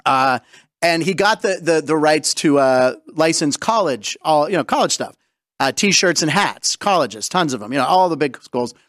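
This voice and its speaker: A male radio host with a high voice that leaps all over its range, spinning stories and acting out the lines of the people in them. The studio sound is dry and close, with no room around him. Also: moderate pace, no room sound. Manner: animated storyteller acting out quotes. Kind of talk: radio sports and comedy talk.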